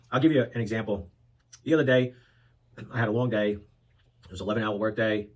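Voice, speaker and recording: A man's voice: on the low side, husky, low-quality recording. A man in his thirties talking earnestly about fatherhood in a reflective monologue, often restarting and adding asides. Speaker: parenting vlogger. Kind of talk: reflective talk to camera.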